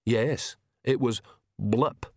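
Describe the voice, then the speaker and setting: A man's voice: medium pitch, drawn-out words, dry recording, clean studio sound. A man voicing an earnest, firm young witch queen with a prim manner.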